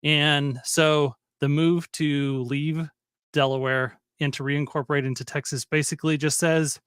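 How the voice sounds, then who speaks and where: A man's voice: on the high side, level tone, measured pace, a bit bright, smooth, no room sound, studio quality. A man speaking as a guest on a live stream, confident and blunt in his opinions. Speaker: guest commentator. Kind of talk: casual live stream chat.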